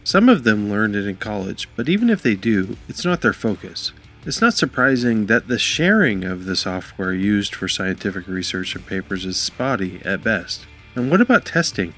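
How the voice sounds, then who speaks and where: A man's voice: on the low side, fairly bright tone. A man hosting a podcast, giving an opinionated, earnest intro and then chatting with a guest in an upbeat way. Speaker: podcast host. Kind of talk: podcast intro and interview chat.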